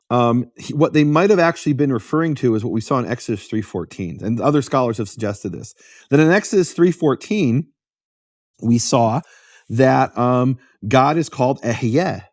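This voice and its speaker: A man's voice: mid-range voice, darkish tone, no echo, clean studio sound. A man hosting a talk, explaining history in a lecturing way and answering his own rhetorical questions. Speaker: host explaining biblical history.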